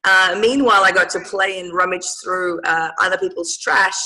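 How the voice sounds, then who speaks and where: A woman's voice: on the low side, steady tone, normal speed, bright, forceful tone, rough recording. A woman with an Australian accent, telling her life story as a guest in an interview, with many fillers and restarts.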